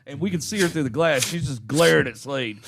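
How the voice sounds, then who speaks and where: Gravelly profane Texan storyteller man. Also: on the high side, fairly quick, noisy background. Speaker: podcast co-host. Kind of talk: casual chat, storytelling.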